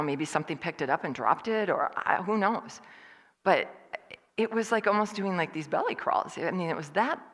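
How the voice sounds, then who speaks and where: A woman speaking at a church service, telling a personal story in a lively way and acting out what other people said. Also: on the low side, long reverb tail. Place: church hall.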